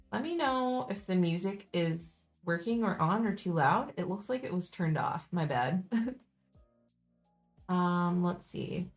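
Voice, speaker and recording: A young woman chatting through a live-stream board game unboxing, thinking aloud and laughing softly as she goes. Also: medium pitch, gravelly.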